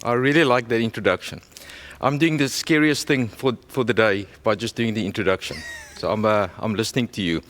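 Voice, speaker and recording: A man, a company executive, giving a welcome speech at an awards event in a self-deprecating, halting way. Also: lowish voice, a bit bright.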